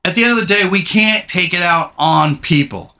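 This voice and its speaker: A middle-aged man hosting a podcast in casual chat, rambling, candid and quick to swear. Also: sits high, sharp tone. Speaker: podcast host.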